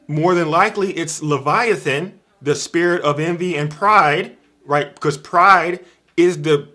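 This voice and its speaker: A man's voice: fairly high pitch, pushed and bright. A man giving an informal livestream sermon, emphatic and repeating his key phrases. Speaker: preacher on a livestream.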